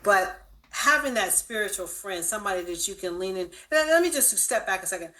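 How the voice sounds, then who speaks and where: A woman's voice: medium pitch, lively intonation, brisk, bright, forceful tone. A woman guest on a radio talk show, giving earnest advice and checking in with "right?" as she talks.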